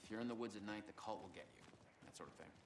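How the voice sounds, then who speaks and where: An actor playing an easygoing small-town male sheriff in a video game, speaking in a folksy, relaxed way. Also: fairly low pitch, very fast, a little hiss or hum, lightly acted.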